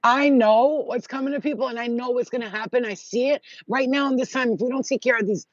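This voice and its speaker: A woman's voice: a little high, fast, dry recording. A woman vlogger talking in a blunt, profane, rambling casual monologue. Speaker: spiritual vlogger. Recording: dull lo-fi audio.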